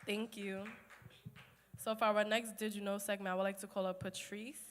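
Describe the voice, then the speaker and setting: A woman's voice: medium pitch, little pitch movement, normal speed, a little hiss or hum. A woman hosting a community meeting and announcing the next speakers. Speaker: meeting host.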